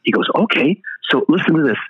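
Animated older pastor telling a story. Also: male voice, medium pitch, fairly quick, dull audio. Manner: animated storyteller acting out dialogue. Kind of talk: storytelling interview guest.

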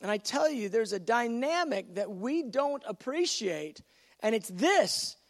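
A man preaching a sermon, telling a story in an animated way and acting out the voices of the people in it. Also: very high voice, a little slow, in a large hall. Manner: animated, acts out voices in stories.

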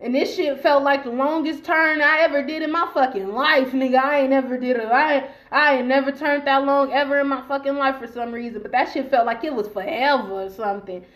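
A woman's voice: high-pitched, fairly even intonation, brisk, hardly any pauses, fairly bright tone. A woman telling a personal story casually on her podcast, blunt and profane, acting out the dialogue in raised voices. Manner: blunt and profane, lots of restarts. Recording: dull lo-fi podcast audio.

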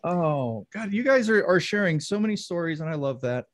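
A man, likely in his forties, co-hosting a casual chat, animated and quick to laugh loudly. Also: on the high side, dry recording. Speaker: podcast co-host.

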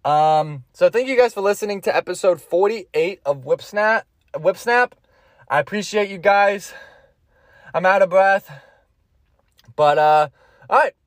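A man's voice: sits high, expressive, moderate pace, dry recording, studio quality. A man hosting a solo podcast, rambling in a crude, jokey way. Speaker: podcast host.

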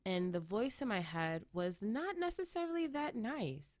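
A woman's voice: medium pitch, big pitch swings, measured pace, a little mellow, no echo, studio quality. A woman casually telling a personal story in a reflective, rambling way, full of "like" and "right?" tag questions. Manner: reflective, laughs often.

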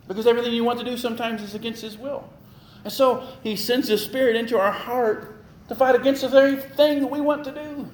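A man preaching a sermon in a conversational, joking style, quoting scripture and getting lively as he makes his points. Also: extremely high pitch, a little fast, roomy sound. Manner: conversational, jokey, animated preaching. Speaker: pastor.

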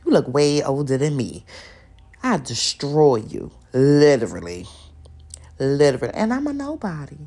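A young woman with a gravelly, husky voice pitched a little low, ranting alone on her podcast. She curses freely, takes on her targets head-on and hammers her points by saying them twice. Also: sing-song, normal speed, a little mellow. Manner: profane, confrontational, repeats lines for emphasis. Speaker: podcast host. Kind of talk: solo podcast rant.

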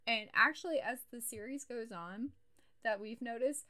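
A woman's voice: on the high side, moderate pace, pushed and bright. A young adult woman co-hosting a podcast in casual chat, blunt, sarcastic and emphatic. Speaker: podcast co-host.

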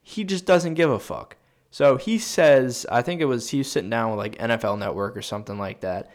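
This young man co-hosts a sports podcast, and his casual chat is rambling and profane, as if he's thinking aloud. His voice is mid-range and a little fast.

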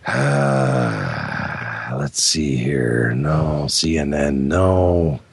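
A man's voice: a bass voice, drawn-out words, gravelly, slightly rough, no room sound, voice pushed down, exaggerated voice. A man doing an impression of a sleepless aging male movie star, mumbling and grumbling. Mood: grumpy.

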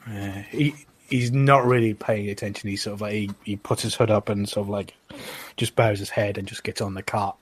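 A man's voice: lowish voice, fairly even intonation, normal speed, slightly rough. A man narrating as game master, rambling with frequent fillers.

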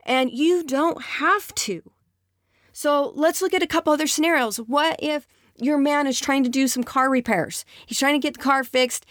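A woman's voice: high-pitched, a bit bright, no room sound, studio quality. A woman giving relationship advice in a conversational talk, often asking her audience right or okay and acting out what spouses say. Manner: conversational, acts out spouse dialogue in quoted voices; frequent checking questions like right and okay. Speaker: marriage and relationship speaker.

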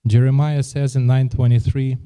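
Mellow-voiced man preaching earnestly. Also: mid-range voice, level tone, moderate pace, clean tone. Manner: earnest, repeats words and restarts phrases. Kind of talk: sermon with a personal story.

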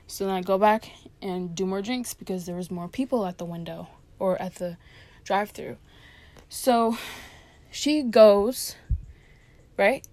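A woman's voice: mid-range voice, measured pace, a little mellow, dry recording. Chatty young woman telling a story. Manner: chatty, lots of "like" fillers, quoting coworkers. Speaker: fast-food worker telling a work story. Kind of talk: casual storytelling vlog.

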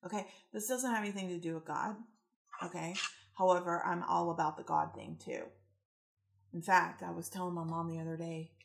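A woman giving a casual spiritual-coaching talk, animated and rambling, acting out the quotes in her stories. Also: lowish voice, vocal fry.

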